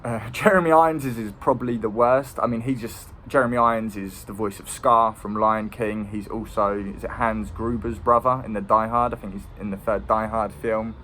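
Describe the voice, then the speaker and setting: A man's voice: fairly low pitch, steady tone, moderate pace, hardly any pauses, a bit bright, slight background noise. A man giving a casual, rambling film review. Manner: rambling, with many ums and restarts.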